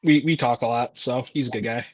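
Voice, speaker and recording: A man's voice: medium pitch, fairly even intonation, fairly quick, dull audio, a crowd in the background. A man in his thirties, a guest on a livestream, rambling casually and laughing easily.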